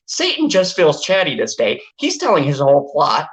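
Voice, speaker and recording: A woman hosting a casual movie review chat, ranting and swearing in exasperation. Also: moderate pace. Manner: exasperated, swearing, ranting with animated pitch jumps.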